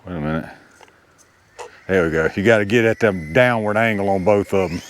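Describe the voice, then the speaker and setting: A man's voice: on the low side, brisk, slight background noise. A man gives casual running commentary outdoors while flying a model helicopter, talking to viewers and laughing at his own panicky moments. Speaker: RC hobby video host. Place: outdoors, small open area.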